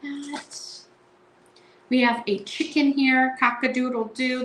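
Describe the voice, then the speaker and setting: A woman's voice: on the high side, lively intonation, slow, a bit bright, slight background noise. Chatty woman selling from an echoey room. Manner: chatty, reads card verses aloud in a playful sing-song. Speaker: live sale seller. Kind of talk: casual live sale chat. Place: indoor room at home.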